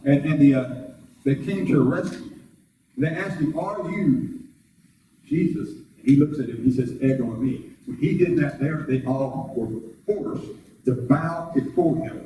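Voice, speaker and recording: A man preaching a sermon as pastor, talking to the congregation in a conversational way with rhetorical questions, and jumping up high in pitch when he acts out quoted voices. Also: mellow, slight background noise. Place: church sanctuary. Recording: very echoey room, voice far from the mic.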